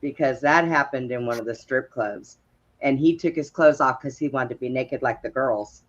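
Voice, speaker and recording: A woman's voice: extremely low pitch, normal speed. Laughing woman telling cop stories. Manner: lively anecdotes, laughs often, acts out quotes. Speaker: guest, former police officer. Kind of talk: casual storytelling on a talk show. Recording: slightly dull, lo-fi sound.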